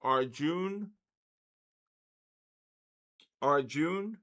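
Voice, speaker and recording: A man hosting a trading live stream, calling out giveaway winners in a drawn-out, repetitive way. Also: on the high side, expressive, fairly bright tone.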